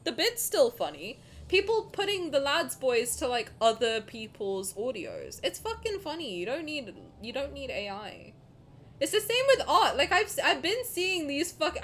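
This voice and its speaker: A woman streaming and chatting casually with her chat, animated and swearing freely, dropping to low mutters and then rising to loud outbursts. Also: slight background noise. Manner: reads chat questions aloud and answers them.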